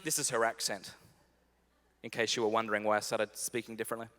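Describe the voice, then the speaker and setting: Medium in pitch and fast in delivery, a man in his thirties gives a comic storytelling keynote, animatedly acting out bits of dialogue. The talk happens in a large conference hall, captured with the long reverb of a big hall.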